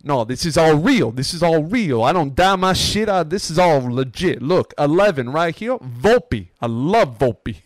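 A man voicing a loud, brash Italian-American New York baseball fan who swears and boasts in punchy one-liners. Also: fairly high pitch, animated, a little slow, few pauses, dry recording, pitched above the performer's own voice. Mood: boastful.

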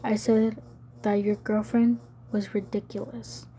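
A woman's voice: medium pitch, level tone, unhurried, dark tone, close to an everyday voice. A woman reading the lines of a hostile, sneering teenage boy in an audiobook. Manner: taunting, sneering.

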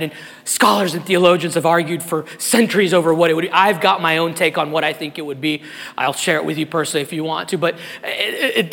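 High, bright-voiced male pastor preaching. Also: gravelly, in a large hall. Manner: emotional, swings from soft to shouted. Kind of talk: sermon. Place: church sanctuary.

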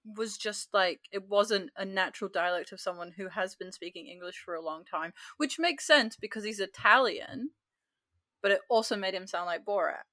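A woman's voice: medium pitch, moderate pace, sharp tone, no echo. A woman co-hosting a podcast, arguing her point insistently in casual book chat and swearing freely. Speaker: podcast co-host.

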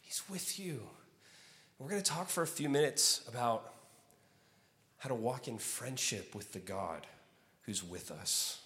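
Bright-voiced preacher in a reverberant hall. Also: male voice, medium pitch, unhurried, pauses often. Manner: animated, acts out his own story with loud exclaimed quotes; drops to soft, hushed delivery for reflective points. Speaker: guest preacher. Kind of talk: sermon with storytelling. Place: church sanctuary. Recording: long reverb of a large hall.

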